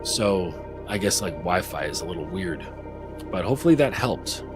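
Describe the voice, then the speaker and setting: A man coaching on a livestream, speaking slowly and deliberately with blunt, casual swearing. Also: sits low, very animated, music in the background. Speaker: men's coach.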